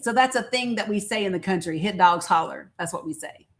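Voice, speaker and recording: A woman's voice: fairly low pitch, expressive, fairly quick, slight background noise. Woman host, older, candid live-stream chat, outspoken and folksy. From rural American South. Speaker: livestream host.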